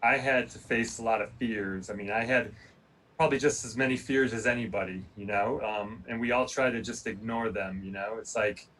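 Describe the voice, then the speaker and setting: A man's voice: lowish voice, normal speed, recorded from a distance, rough recording. A man, an Olympic athlete, telling his story casually and animatedly, acting out what people said. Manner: animated, acts out quoted dialogue, many "like" fillers.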